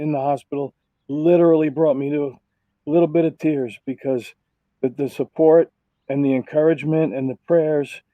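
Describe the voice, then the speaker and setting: A man, a race car driver, giving rambling, heartfelt thanks and shout-outs with lots of fillers on a racing broadcast. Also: on the high side, dry recording, narrow, tinny audio.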